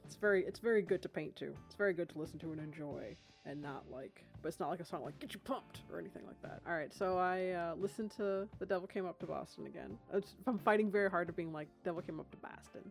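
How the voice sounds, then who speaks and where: A woman's voice: fairly low pitch, fast, vocal fry, hardly any pauses, soft background music. A woman co-hosting a podcast, chatting about songs in a self-deprecating way, swearing casually. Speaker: podcast co-host. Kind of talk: casual chat about music.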